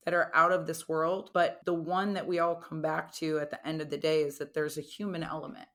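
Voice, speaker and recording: A woman's voice: on the low side, a bit bright. A middle-aged woman answering interview questions, who talks animatedly and acts out quoted lines in raised voices. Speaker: interview guest, former football coach.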